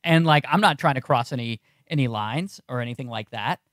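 Brisk and fairly bright in a mid-range voice, this podcast co-host chats casually in the studio, pressing his stories emphatically with frequent restarts. The studio recording is clean, with no room sound.

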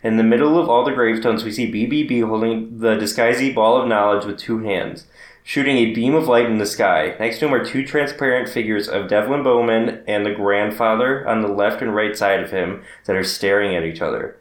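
A man co-hosting a casual podcast chat, talking in an easygoing, relaxed way. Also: fairly low pitch, fairly quick, roomy sound, low-quality recording. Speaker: podcast co-host.

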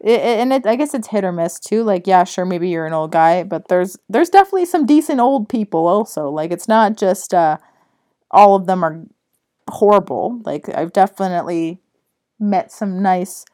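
A woman's voice: mid-range voice, expressive, moderate pace, dark tone. Young woman on a podcast, rambly, loves doing the voices of people in her stories. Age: young adult. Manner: rambling storyteller, acts out quoted voices. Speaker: podcast co-host. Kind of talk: casual chat.

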